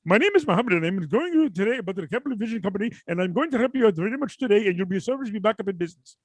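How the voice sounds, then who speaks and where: A man's voice: high-pitched, expressive, no echo. A man putting on an eager call-center agent with an Indian accent. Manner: formal, rushed phrasing. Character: overly polite male call-center agent.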